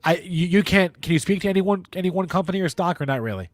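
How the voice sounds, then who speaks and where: A man's voice: sits high, lively intonation, fast, no room sound. Male livestream host, stuffy nose, rambling and self-deprecating, dry mic. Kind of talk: live market show hosting.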